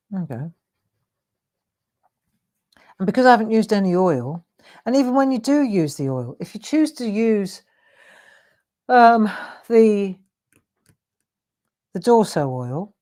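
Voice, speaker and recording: A woman's voice: mid-range voice, dark tone. A woman hosting a live craft tutorial, chatting in a self-deprecating way while she colours in.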